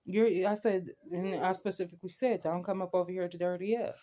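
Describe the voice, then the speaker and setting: Young adult woman, vlog venting; warm, low-set voice, emphatic and rambling delivery. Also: steady tone, fairly quick. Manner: emphatic, rambling, keeps asking "you know what I'm saying". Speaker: vlogger. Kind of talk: venting rant to camera.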